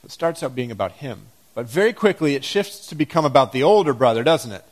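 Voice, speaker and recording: Man, preacher, sermon, reflective questioning tone, medium pitch. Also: sing-song, quick pace. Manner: reflective, questioning the congregation, dramatic scripture reading.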